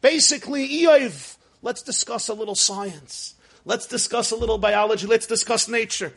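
Torah teacher, male, very high voice, emphatic, wry lecture delivery. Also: moderate pace, gravelly, a bit bright, husky. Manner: emphatic, repeats words for stress. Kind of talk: scripture lecture.

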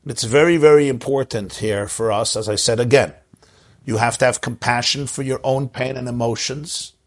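A middle-aged man giving gentle, earnest spiritual advice on a live stream, often repeating words for emphasis. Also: mid-range voice, fairly even intonation, moderate pace. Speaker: spiritual advice giver answering a chat question.

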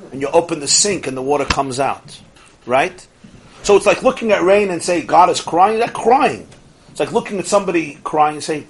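Male religious teacher, higher voice, rhetorical questions, acts out quotes, mixes in Yiddish and Hebrew, chuckles between points. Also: fairly bright tone, low-quality recording. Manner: sprinkles in Yiddish and Hebrew words. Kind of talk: lively religious lecture.

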